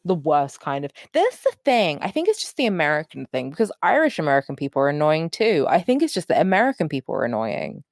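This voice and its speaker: A woman's voice: low-pitched, very animated, fast, hardly any pauses, no echo, clean studio sound. A young woman co-hosting a podcast in casual, sarcastic chat, swearing freely. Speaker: podcast co-host.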